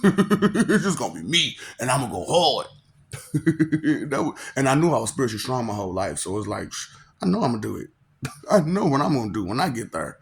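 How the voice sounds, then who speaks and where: A man's voice: mid-range voice, creaky. Laughing, swearing man with a loose rambling ramble. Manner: laughs often, profane, swings from loud to muttered; makes mouth sound effects. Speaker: monologue host. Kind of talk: rambling casual monologue.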